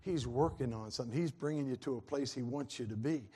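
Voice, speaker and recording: A man's voice: medium pitch, fast talker, mellow, breathy edge. A man preaching a sermon in a folksy, earnest way that swells into fervent peaks.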